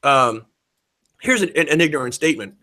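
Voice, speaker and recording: A man's voice: medium pitch, expressive, a little fast, sharp tone, dry recording. A man in his forties talking in a rambling, profane way, full of fillers and restarts. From United States. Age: 40s. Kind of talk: casual chat.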